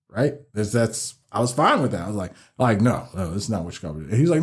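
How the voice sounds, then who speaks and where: A middle-aged man telling his story as a podcast guest, animated and laughing often, with many restarts. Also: fairly low pitch, fast talker, hardly any pauses. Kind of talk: casual storytelling interview.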